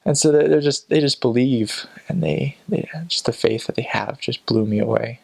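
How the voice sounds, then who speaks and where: A young man talks in a loose, rambling storytelling style, full of fillers and false starts. His voice has a gravelly, creaky edge at a middling pitch. Now and then he slips into other people's voices to act out a scene. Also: moderate pace, poor audio. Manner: chatty, full of fillers and restarts, acts out quoted voices. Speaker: returned missionary. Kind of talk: casual storytelling.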